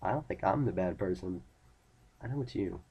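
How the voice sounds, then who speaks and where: A man's voice: deep voice, expressive, moderate pace, gravelly, dark tone, slightly rough. A teenage boy ranting casually to camera, rambling and irritated, retelling conversations with friends. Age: teens. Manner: rambling, irritated, talks in retold dialogue. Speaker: vlogger.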